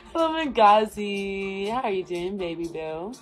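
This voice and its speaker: Slow-talking flirty woman livestreamer. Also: mid-range voice, expressive, darkish tone, low-quality recording. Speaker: livestream host. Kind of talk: casual livestream chat, greeting viewers. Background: music playing.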